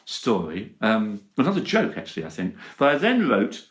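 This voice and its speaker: A man's voice: lowish voice, wildly swooping pitch, moderate pace, noisy background. An older man, chatting and reading his comic poems, rambling and laughing often. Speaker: poet. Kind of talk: casual chat and comic poetry reading.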